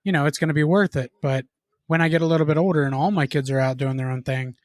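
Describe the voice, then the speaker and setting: A man in his thirties co-hosting a podcast, making dry, deadpan remarks. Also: a little high, quick pace, no echo. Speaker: podcast co-host. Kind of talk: casual chat.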